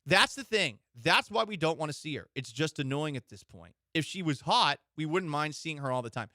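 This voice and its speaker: A man hosting a sports radio show, talking in an animated, joking way with rambling asides. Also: a little high, a little fast, dry recording, studio quality.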